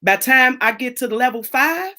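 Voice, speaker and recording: Animated woman hosting a video call chat. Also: sits high, a little fast. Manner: animated, acts out quoted voices, repeats herself. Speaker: host of a live chat. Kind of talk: casual chat.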